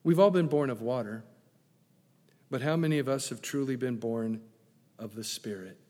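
A man preaching a sermon as pastor, playful and animated, dropping to hushed tones for emphasis. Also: medium pitch, moderate pace. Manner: animated, playful asides with sudden hushed drops. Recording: long echo of a large hall.

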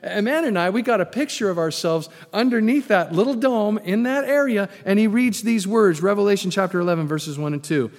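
A male pastor preaching a sermon, telling stories in an animated, emphatic way. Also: sits high, fairly quick, hardly any pauses. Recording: long hall reverb.

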